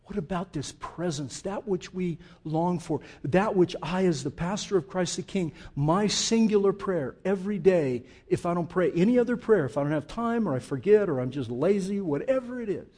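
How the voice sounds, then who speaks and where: Impassioned male preacher, mellow tone. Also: high voice, expressive, normal speed, few pauses, slightly rough. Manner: impassioned, swinging from hushed to loud emphatic preaching. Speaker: pastor. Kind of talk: sermon.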